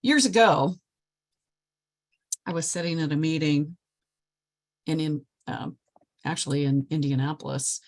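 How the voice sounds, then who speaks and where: A woman's voice: sits low, unhurried, pauses often. An older woman from Nebraska, a past president of a service club, giving an enthusiastic motivational speech over a video call. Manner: lively, enthusiastic storyteller.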